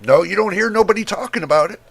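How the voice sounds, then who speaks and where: A man's voice: sits high, fast, vocal fry, a bit bright, husky. A man hosting a tech livestream as a reviewer, talking in a heated, emphatic way and repeating words for stress, with an occasional cough. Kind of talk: casual livestream rant.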